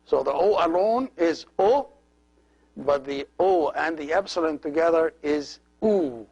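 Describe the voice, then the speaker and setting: A middle-aged man, a priest, giving a slow step-by-step language lesson, patiently explaining each letter as he writes it. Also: a little high, gravelly, breathy edge, low-quality recording.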